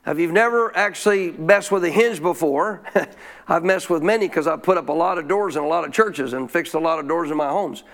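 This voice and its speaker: A man preaching from the pulpit in a fairly high voice. He reads scripture and keeps stopping to quiz the congregation, pressing them to answer out loud. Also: brisk, vocal fry. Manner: call-and-response preaching, asks congregation questions. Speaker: pastor. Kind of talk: sermon. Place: church.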